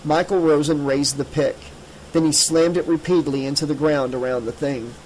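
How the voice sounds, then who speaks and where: Steady audiobook narrator, man, higher voice. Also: normal speed, a little hiss or hum, rough recording. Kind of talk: scripted narration.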